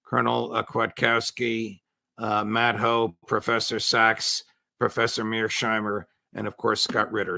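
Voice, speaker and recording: A man hosting a commentary interview show, speaking in a formal, measured way with frequent "uh" fillers. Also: on the low side, level tone, gravelly, pushed and bright, dry recording, studio quality. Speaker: host.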